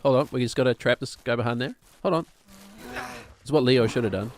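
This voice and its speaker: A man's voice: mid-range voice, brisk, slight background noise. A man streaming a video game, rambling and joking offhandedly as he plays. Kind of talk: gaming stream commentary.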